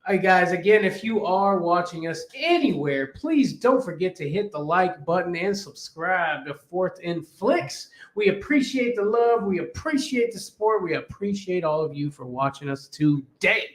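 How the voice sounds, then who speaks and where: A man running a trivia round on a casual podcast, laughing easily and calling his co-host buddy. His voice sits a little high for a man. The room around him is roomy and echoey. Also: animated, normal speed, few pauses. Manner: jokey, laughs often, calls partner buddy. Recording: roomy echo.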